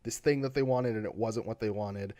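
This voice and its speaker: A man's voice: fairly low pitch, brisk, dark tone, no echo, studio quality. A man co-hosting a gaming podcast, talking in a loose, rambling way full of fillers and restarts. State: has the hiccups. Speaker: podcast co-host. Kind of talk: casual chat.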